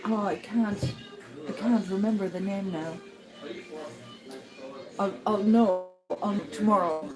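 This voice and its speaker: A woman's voice: mid-range voice, rough recording. A woman chatting through her day as a walking pilgrim, rambling and laughing as she acts out the people she met. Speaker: pilgrim vlogger. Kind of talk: casual spoken travel diary.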